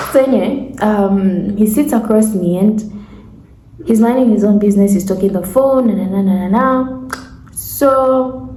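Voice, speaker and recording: A woman in her twenties from Zambia tells a casual story to her vlog audience, with animated laughing asides and acted-out quotes. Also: medium pitch. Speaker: vlogger. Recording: echoey room with faint ambience.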